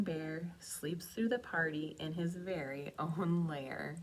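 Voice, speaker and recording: A young woman librarian reads a rhyming picture book to children at an unhurried pace. Her voice sits on the low side, and she keeps it lively and playful, turning to the kids with little questions. Faint room hum sits under her voice. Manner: slow, animated read-aloud with asides to kids. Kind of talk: children's storytime reading.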